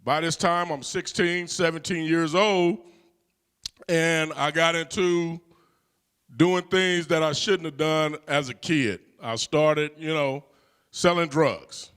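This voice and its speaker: A man's voice: a little high, steady tone, slow pace, fairly bright tone, clean tone. A middle-aged man from California telling a personal life story in a conversational way, with frequent "you know" fillers. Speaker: guest.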